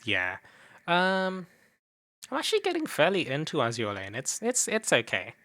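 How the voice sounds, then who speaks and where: A man's voice: on the high side, huge pitch swings, normal speed, sharp tone, dry recording. A young man casually commenting on a game while streaming, chatting with viewers and swearing offhandedly.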